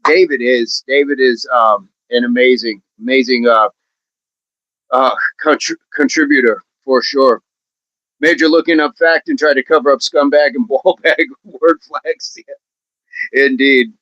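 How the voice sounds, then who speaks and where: A middle-aged man hosts a casual livestream, reading out viewer comments in a playful way, laughing often and repeating his favorite phrases. His voice sits at an ordinary pitch. The sound is dull and lo-fi, with a dry, close feel. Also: a little slow, fairly bright tone, no room sound. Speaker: livestream host.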